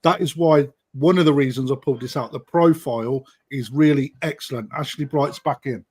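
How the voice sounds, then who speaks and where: A man's voice: medium pitch, a little fast, a little mellow, slightly rough. A middle-aged British man hosting a live-streamed koi auction, chatting matily with viewers and calling out bids and time left. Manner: chatty, matey banter, calls bids and time.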